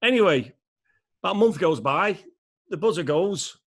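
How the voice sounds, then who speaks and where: A man with a fairly high voice chats on a podcast. He tells his story in an animated, laughing way and swears freely. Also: normal speed. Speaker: podcast co-host. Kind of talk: casual chat, storytelling.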